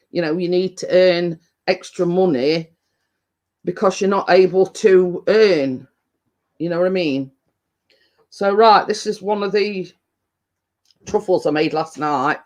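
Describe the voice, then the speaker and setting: Chatting casually with live-stream viewers, a British man speaks slowly in a voice high for a man. He rambles with lots of fillers, restarts and trailing thoughts, sometimes chewing as he talks.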